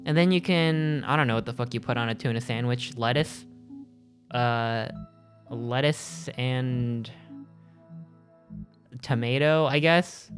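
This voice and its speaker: A man's voice: mid-range voice, slow, pauses often. Male streamer, loose and jokey, talks in fits and starts; faint guitar music in the background. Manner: rambling, jokey, self-interrupting. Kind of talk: casual chat with live chat.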